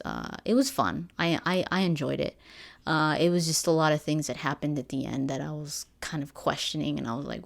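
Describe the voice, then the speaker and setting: A woman's voice: low-pitched, gravelly. A woman in her twenties chatting casually about a game she just finished, rambling with fillers and restarts. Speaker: gaming vlogger. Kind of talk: casual game review chat.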